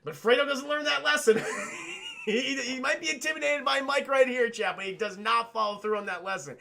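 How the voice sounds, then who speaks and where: A high-pitched man talks to his livestream chat, retelling a film scene by scene. His voice is bright and forceful, and he rambles in a profane, animated way with quick asides to his viewers. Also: gravelly, slight background noise. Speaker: streamer reviewing a film with chat.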